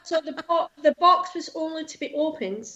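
A woman's voice: high-pitched, animated, normal speed, bright, forceful tone, highs cut off. A woman co-hosting a casual chat, brief and agreeable, asking questions. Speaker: podcast co-host.

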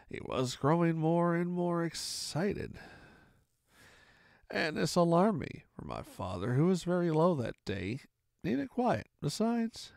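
A man narrates an old adventure tale with a lively, swooping delivery and a gravelly voice. The voice is fairly high for a man. The sound is dry and close, with no room around it. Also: takes it slowly, no room sound. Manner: expressive first-person narration. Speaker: storyteller. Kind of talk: reading a classic novel aloud.

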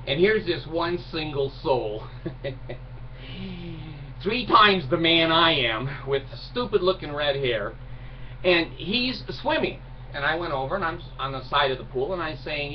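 A man's voice: a little high, animated, unhurried. A middle-aged man ranting indignantly to camera, mocking and chuckling at his own jokes. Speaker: video blogger. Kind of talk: ranting monologue. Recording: distant mic, dull lo-fi sound, faint noise.

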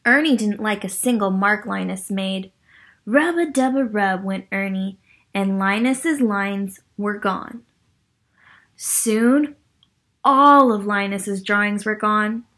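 Lady reading a picture book to kids real slow, asks them stuff, creaky husky voice. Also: mid-range voice. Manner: gentle, asks listening children questions. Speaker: children's story reader. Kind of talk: read-aloud storytime for children.

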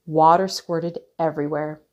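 A woman reading a children's picture book aloud, clear and expressive. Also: low voice, normal speed, muffled recording. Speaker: storyteller.

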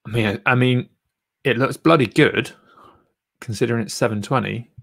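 A man with a voice of ordinary pitch hosts a live channel review. He talks loosely and encouragingly, with plenty of ums and restarts. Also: moderate pace, creaky, a bit bright. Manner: rambling, filler-heavy, encouraging. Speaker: YouTube channel coach and host.

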